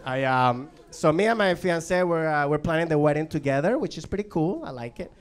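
A young man from Venezuela, a native Spanish speaker with a Venezuelan Spanish accent, doing an animated stand-up comedy set, swearing and acting out voices. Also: on the high side, fairly quick. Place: comedy club stage. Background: audience laughter.

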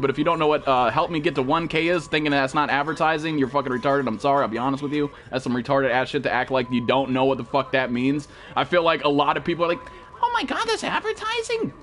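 A man's voice: medium pitch, fairly bright tone. A young man streaming a game live, talking to his chat in a blunt, profane, scolding way. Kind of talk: live gameplay stream commentary.

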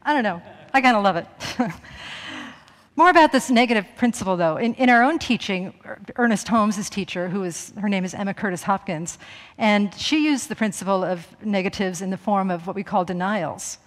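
A woman's voice: mid-range voice, moderate pace, long reverb tail. A middle-aged woman minister giving a chatty, self-mocking sermon, laughing often. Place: church sanctuary.

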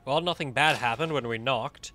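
A young man giving excitable let's-play commentary, laughing often and talking to the game characters. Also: mid-range voice, moderate pace, soft background music. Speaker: gaming YouTuber.

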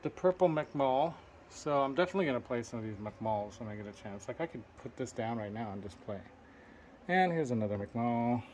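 A man of middle pitch gives an excited, rambling walkthrough of a packed indoor guitar room. He admires finishes and amps as he goes and keeps stopping to search for names. Faint noise sits under his voice. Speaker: vlogger touring a gear collection. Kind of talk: casual walkthrough commentary.

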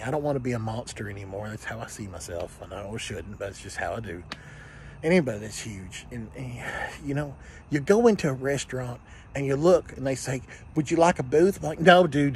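A man's voice: medium pitch, a little mellow, a little hiss or hum. A man talking candidly in a casual vlog, telling stories with self-mocking jokes. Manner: candid, joking storyteller. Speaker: vlogger. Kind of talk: casual late-night vlog.

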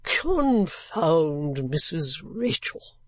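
A woman reading an audiobook voices a blunt, grumbling older gentleman with a lowered, gruff voice. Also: big pitch swings, extremely slow, dry recording, full character voice. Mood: irritated.

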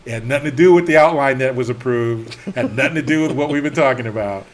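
Man, mid-pitched, slangy and lively, acts out every quote, a faint hiss in the background. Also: fast. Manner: animated, acts out quoted dialogue, laughs often; slangy, salty talk. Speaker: TV writer and producer, podcast guest. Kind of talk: casual storytelling interview.

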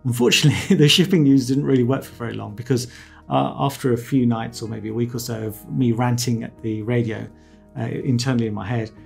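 A man's voice: mid-range voice, fairly even intonation, a little fast, vocal fry, soft background music. A man, an ear surgeon, explaining in a casual, reassuring way, full of asides and quoted inner talk. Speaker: ENT surgeon explaining his experience.

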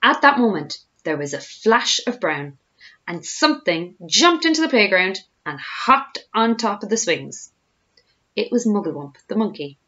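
A woman, a teacher, reading a children's storybook aloud with expressive storytelling. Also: mid-range voice, measured pace, dull audio.

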